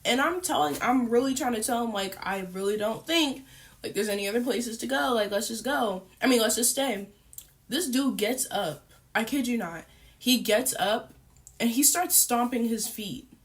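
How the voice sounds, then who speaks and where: A young woman vlogger casually telling a long story to her viewers, chatty and animated, with lots of fillers. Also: a little high, normal speed. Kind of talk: casual storytime while eating.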